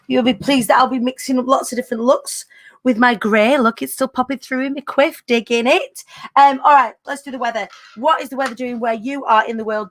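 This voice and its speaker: Bubbly, higher-voiced woman. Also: a little hiss or hum. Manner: bubbly and chatty, with British slang. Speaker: host. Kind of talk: casual live-stream chat.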